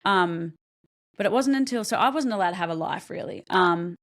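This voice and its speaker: Candid woman, lower voice. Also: lively intonation. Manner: candid, halting, many ums and restarts. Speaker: podcast guest. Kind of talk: personal story told in an interview.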